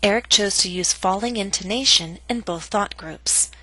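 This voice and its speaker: Calm woman reading a pronunciation lesson. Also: mid-range voice, no echo, rough recording. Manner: slow, careful model sentences for repeating. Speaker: English pronunciation teacher. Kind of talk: scripted instructional narration.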